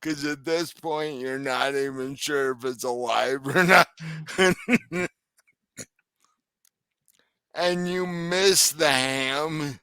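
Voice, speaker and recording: A man narrating a tabletop horror game as game master, who laughs often and narrates in a loose, halting way. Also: fairly high pitch, steady tone, bright, forceful tone, smooth, no echo.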